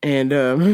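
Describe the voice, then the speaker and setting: A woman host telling a story in a profane, animated rant and laughing often. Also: low voice. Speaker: podcast host.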